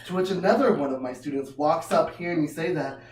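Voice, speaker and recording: A woman's voice: deep voice, fast, a little mellow, slight background noise. A woman doing stand-up comedy, telling loose, self-mocking stories and laughing often. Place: small comedy venue. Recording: roomy room heard from far off.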